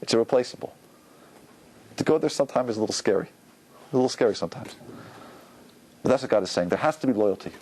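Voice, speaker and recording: A rabbi giving an informal, conversational Torah lecture to a class, using many fillers and acting out quoted lines. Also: male voice, medium pitch, lively intonation, fast talker, pauses often, a little mellow, husky, low-quality recording. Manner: conversational, loose with fillers, acts out quotes with a rising voice.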